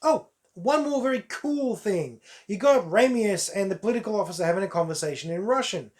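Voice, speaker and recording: A man's voice: high voice, animated, brisk, a little mellow. A man, chatting through a casual solo film review to his viewers, emphatic and repeating words for stress. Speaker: movie reviewer.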